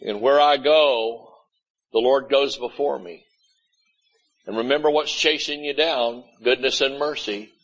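A man's voice: medium pitch, fairly even intonation, unhurried, a bit bright, muffled recording. A man preaching a sermon as pastor, folksy and blunt, often mimicking complaining churchgoers. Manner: folksy, blunt preaching with mocking quoted voices. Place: church sanctuary.

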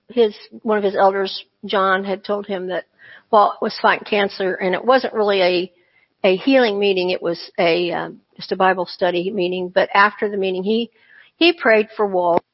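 A woman telling a personal faith testimony in an earnest, conversational way, full of asides. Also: medium pitch. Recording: dull lo-fi recording.

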